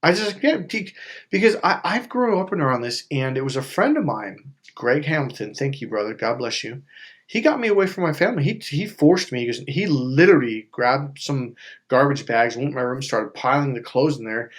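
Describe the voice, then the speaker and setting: A man hosting a self-help video, telling stories in a casual, animated way with frequent swearing. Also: medium pitch, moderate pace. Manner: animated storytelling with swearing and acted-out quotes. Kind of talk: casual motivational talk.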